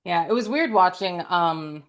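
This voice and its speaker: A woman's voice: fairly low pitch, expressive, unhurried. A woman co-hosting a podcast, chatting eagerly about movies with lots of laughs. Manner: enthusiastic, chatty, many fillers and laughs. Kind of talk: casual movie chat.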